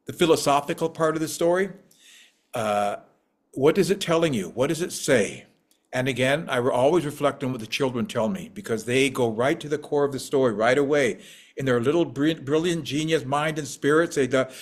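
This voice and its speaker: A man telling a traditional story to an audience, rhythmic and repetitive, gently teaching as he goes. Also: mid-range voice.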